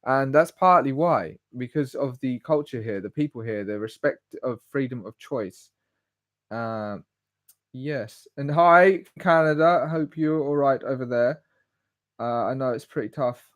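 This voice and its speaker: A man, talking casually on a solo livestream. He has a mid-pitched voice and drifts off on tangents as he goes. The sound is dry and close. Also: unhurried, no echo, highs cut off. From England. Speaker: live stream host.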